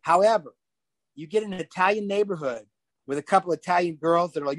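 Older male podcast guest, animated rambling storyteller, slightly high voice. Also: fast, no echo. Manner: rambling, animated storyteller who laughs often. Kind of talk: casual interview chat.

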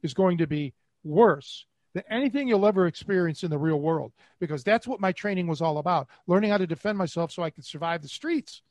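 A man's voice: sits high, expressive, fairly quick, hardly any pauses, no echo. A middle-aged man from Cleveland hosting a podcast, telling rambling stories with many restarts and fillers. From Cleveland, USA. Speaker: podcast host and catch wrestling coach. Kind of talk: casual podcast chat.

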